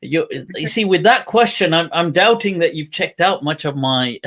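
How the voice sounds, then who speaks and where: A man hosting a casual live-stream chat, relaxed and drawn out, with laughs between phrases. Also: on the high side, normal speed. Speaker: host.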